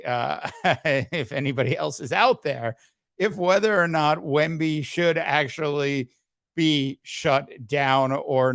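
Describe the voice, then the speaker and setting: A man hosting a casual sports podcast, halting with many fillers and throat-clearing, his voice slightly hoarse. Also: fairly high pitch, fairly bright tone, dry recording, clean studio sound. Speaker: podcast host. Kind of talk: casual sports talk livestream.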